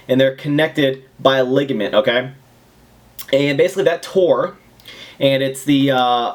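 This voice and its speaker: A young man casually telling a rambling, animated story to the camera at home. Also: medium pitch. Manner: animated, rambling, acts out other people's lines. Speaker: fitness vlogger.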